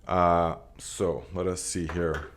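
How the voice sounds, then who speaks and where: Low-voiced man hosting a live chat. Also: slow pace, slight background noise. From Northern California. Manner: relaxed, reads viewer comments aloud with many fillers. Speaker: podcast host.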